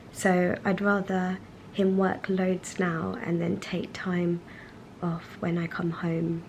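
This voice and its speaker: A woman talking candidly in a personal vlog from a hospital room, soft-spoken and halting, trailing off and restarting her sentences. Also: medium pitch, creaky, a little hiss or hum, rough recording. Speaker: vlogger.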